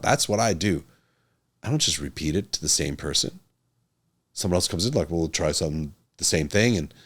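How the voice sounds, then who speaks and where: A middle-aged man, a physician hosting his own podcast and speaking to a camera in an earnest, emphatic way that repeats his key points. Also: fairly low pitch. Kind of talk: casual talk to camera.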